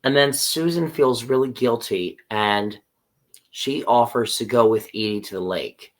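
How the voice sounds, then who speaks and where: A man in casual podcast conversation, retelling a TV episode scene by scene. His voice sits at a middle pitch. He slips into the characters' lines with an animated, storytelling manner. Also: a little slow. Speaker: podcast co-host. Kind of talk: casual chat recapping a TV episode.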